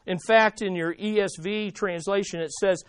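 A pastor preaching a sermon in an animated way, acting out desperate pleas. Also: mid-range voice, moderate pace, clean tone, no echo.

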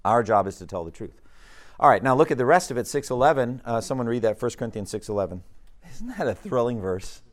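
A man's voice: mid-range voice, sing-song, fast talker. A man teaching a Bible class in a conversational, emphatic way, often asking the class questions.

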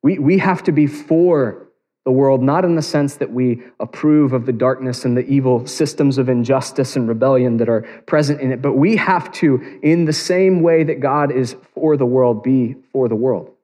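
A pastor delivers an earnest sermon that climbs to emphatic high points, his dark tone set in a mid-range voice. The recording carries the long reverb of a large hall.

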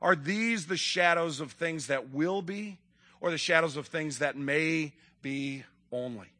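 A man's voice: a little high, unhurried, pushed and bright. A man reading aloud as a frightened old miser, pleading and urgent in a dramatic reading. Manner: desperate, begging, raised and urgent.

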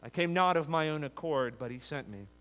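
A man preaching an expository sermon, building emphatic lists that rise and then drop low. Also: lively intonation, a little fast, fairly bright tone. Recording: long hall reverb.

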